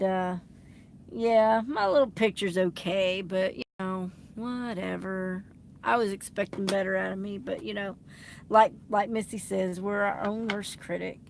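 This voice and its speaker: A livestream host talks to viewers late at night from inside her truck, her medium-pitched voice slow and touched with vocal fry. There's a faint hiss or hum as she chats, laughs a lot, and answers comments.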